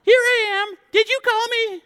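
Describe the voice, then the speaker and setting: A man voicing the young boy Samuel in a high falsetto, eager and obedient, in an echoey church hall. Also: steady tone, normal speed, sharp tone.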